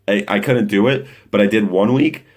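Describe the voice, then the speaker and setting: Young male vlogger with a very low voice, talking off the cuff: rambling, blunt and full of swearing. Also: moderate pace, a little mellow. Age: young adult. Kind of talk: casual profane monologue.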